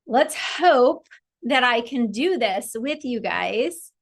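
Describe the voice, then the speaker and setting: A woman's voice: a little high, animated, slow pace, gravelly. A middle-aged woman, a childbirth educator, teaching a live online class in a chatty, encouraging way over a video call.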